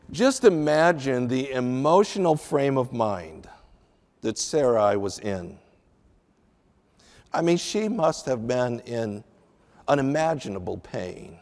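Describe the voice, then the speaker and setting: Slow, earnest male preacher in a hall. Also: a little high. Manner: expressive Bible teaching with acted-out dialogue. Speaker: pastor. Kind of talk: sermon.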